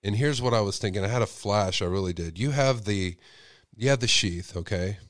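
A man's voice: lowish voice, fairly quick, no room sound, studio quality. Sick man hosting a call-in show. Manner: speculative, asks rhetorical questions. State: sick with a cold. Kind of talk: casual call-in show talk.

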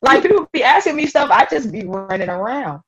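A woman, a rugby player telling stories in a casual interview, animated and laughing often. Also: high-pitched, a little fast. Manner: animated, laughing, slangy storyteller. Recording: dull lo-fi audio.

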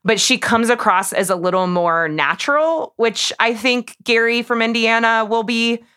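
A woman's voice: on the high side, moderate pace, pushed and bright, clean tone. A young adult woman co-hosting a podcast in casual, effusive chat, full of "like" fillers. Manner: chatty, effusive, many "like" fillers. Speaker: podcast co-host.

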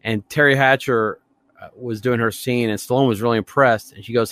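A man co-hosting a casual podcast, riffing on old movies with profanity and sudden shouted impressions. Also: medium pitch, fairly even intonation, a little fast, no room sound. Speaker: podcast co-host.

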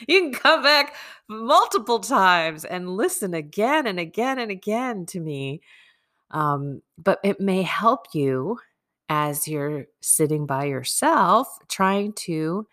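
A woman hosting a podcast with a stuffy nose and a phlegmy voice, chatting in a rambling, self-deprecating way about prayer practice. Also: fairly low pitch. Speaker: podcast host. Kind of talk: casual spiritual talk. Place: home room.

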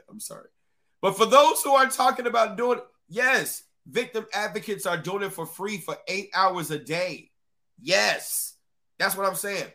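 Brief: livestream host, casual and profane, with a fairly high, bright voice. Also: male voice. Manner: casual, profane, talks straight to chat.

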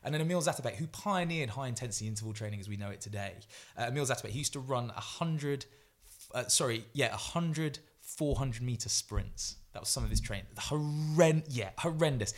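A man on a podcast as a guest, telling stories in a lively way and acting out quotes. His voice is mid-pitched for a man. His speech is full of fillers and restarts. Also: brisk. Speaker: guest athlete. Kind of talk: storytelling podcast chat.

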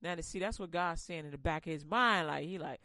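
A woman preaching a casual sermon in slang, animated and quick to laugh. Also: deep voice, no room sound.

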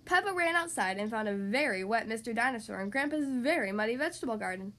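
A woman hosting a podcast, reading a children's story aloud in a cheerful, expressive way. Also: fairly high pitch, fast.

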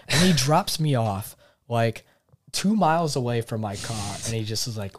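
A young man, a podcast guest, telling a long story in a casual, animated way and acting out the quotes. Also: mid-range voice, moderate pace, dry recording. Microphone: podcast mic set slightly far.

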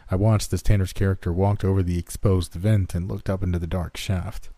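A man reads a horror story aloud in the first person at a steady pace. His voice is low and very dark, and the recording is dry and close with no room sound. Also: brisk, no room sound. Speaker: narrator. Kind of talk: scripted horror story narration.

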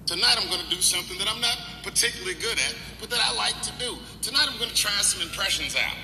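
A man doing stand-up comedy, profane and animated, swinging between loud and quiet. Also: high-pitched, fast, vocal fry, a little hiss or hum. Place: live comedy venue. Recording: roomy hall reverb with music.

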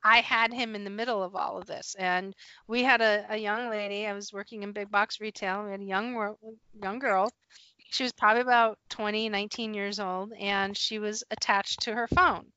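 A woman's voice: medium pitch, normal speed, smooth, no echo, highs cut off. A woman telling a story from her years managing a store, laughing as she goes and acting out the conversations. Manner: animated, laughs through her story, acts out dialogue. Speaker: guest recalling past work as a retail manager. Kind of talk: casual storytelling on a podcast.

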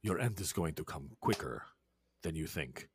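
A man voicing a menacing male vampire bodyguard who speaks in a deep, cold growl. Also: expressive, normal speed, breathy edge, dry recording, exaggerated voice. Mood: threatening.

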